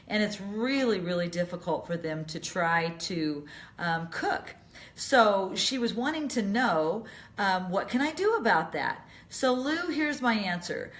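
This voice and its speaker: A middle-aged woman hosting a live video chat, calmly answering viewer questions about caregiving. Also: fairly low pitch. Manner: calm, advisory, acts out short example lines. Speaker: radio host and dementia caregiving advisor.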